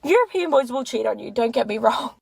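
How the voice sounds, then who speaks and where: A young woman rants to camera, exasperated and swearing freely. Her voice is high with heavy vocal fry, and it was recorded close in a dry room with no echo. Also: lively intonation, fairly quick, darkish tone. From Australia. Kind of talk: casual rant to camera.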